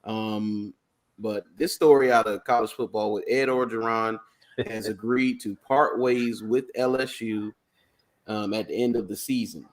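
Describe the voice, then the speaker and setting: A man hosting a casual sports podcast, telling stories in an animated, joking way. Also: lowish voice, a little slow. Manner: animated storytelling, jokey asides. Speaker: podcast host.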